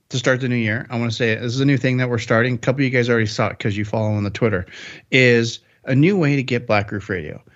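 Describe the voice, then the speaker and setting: A man's voice: mid-range voice, highs cut off. A man hosting a podcast in casual, rambling, upbeat chat. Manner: rambling, upbeat, self-correcting. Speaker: podcast host.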